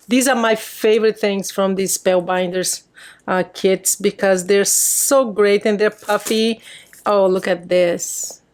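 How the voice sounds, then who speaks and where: A woman hosting a crafting channel, chatting casually and enthusiastically as she unboxes a card kit. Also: mid-range voice. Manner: enthusiastic, gushing over crafting supplies.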